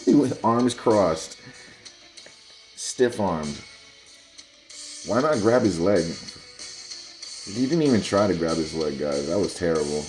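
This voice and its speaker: A man with a low, mellow voice talks his viewers through football plays in a blunt, exasperated way. He sounds casual and keeps addressing the audience directly. Faint music plays underneath. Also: lively intonation, slow pace, pauses often. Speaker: sports video host. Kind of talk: casual commentary over game highlights.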